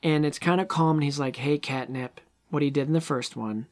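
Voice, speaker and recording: A man's voice: on the high side, quick pace, a little mellow. A man in casual chat about a film, retelling scenes animatedly and acting out the characters' lines. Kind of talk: casual movie discussion.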